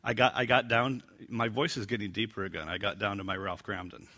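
Bright-voiced, joking male Bible teacher. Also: lowish voice, a little fast. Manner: jokey, with asides about his own gags; acts out quotes in lively put-on voices.

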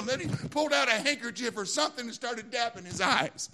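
A man with a Southern American accent preaching a sermon in a church, moving between hushed storytelling and shouted exhortation. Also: very high-pitched, animated, brisk. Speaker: pastor.

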